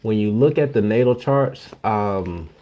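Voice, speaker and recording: A man co-hosting a livestream, explaining things in a measured, casual way with many pauses. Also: lowish voice, dull audio. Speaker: co-host.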